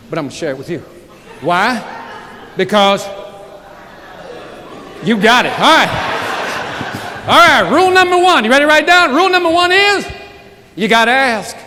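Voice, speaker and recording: A man giving an energetic sales keynote, telling jokes and stories and calling out to the audience. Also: high-pitched. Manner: lively, joking, calls out to the audience. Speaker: motivational sales speaker. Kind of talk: energetic keynote speech with storytelling. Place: conference hall before a live audience. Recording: echoey hall, audience, faint background noise.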